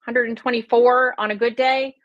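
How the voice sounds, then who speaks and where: A woman's voice: on the high side, steady tone, normal speed, dry recording, lo-fi sound. A middle-aged woman, a health and wellness coach, chatting casually on a livestream with a slight Southern American twist, rambling and self-deprecating with many fillers. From United States.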